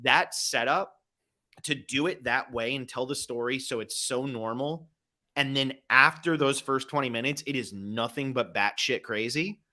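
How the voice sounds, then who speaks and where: Brief: young man, podcast co-host, bright tone, lively storyteller. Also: medium pitch, normal speed. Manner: animated storyteller, acts out quotes. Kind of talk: casual movie chat.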